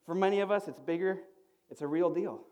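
A pastor with a bright, high-pitched voice preaches in a casual, animated way. His words ring out with a long reverb through the church sanctuary, and he keeps the tone easy and friendly. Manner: animated, conversational preaching with quick auctioneer-style imitations. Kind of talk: sermon.

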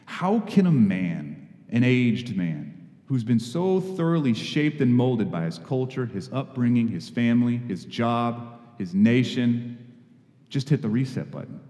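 A man's voice: mid-range voice, big pitch swings, measured pace, mellow, big-room sound. A man preaching a conversational, earnest sermon with sudden emphatic rises. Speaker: pastor.

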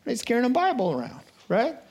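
A man preaching a sermon, animated, acting out crowd voices and rising to excited outbursts. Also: extremely high pitch, brisk, gravelly, slightly rough.

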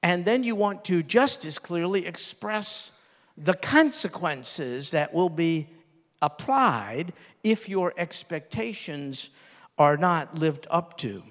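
Older man, pastor preaching, earnest, slightly high voice, long hall reverb. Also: expressive, slow. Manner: earnest, drops low and soft for quoted tender words. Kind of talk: sermon.

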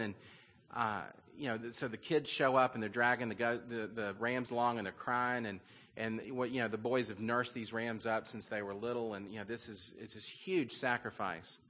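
A man's voice: mid-range voice, fairly even intonation, normal speed, sharp tone. Earnest man preaching in a reverberant hall. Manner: conversational, earnest, with frequent "you know" fillers. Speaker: pastor. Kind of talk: sermon storytelling. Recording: long reverb of a large hall.

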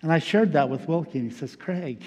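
A man preaching a reflective sermon as pastor, pausing often with fillers. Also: fairly high pitch, animated, breathy edge, muffled recording. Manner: reflective, halting with many fillers. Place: church sanctuary. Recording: long reverb of a large hall.

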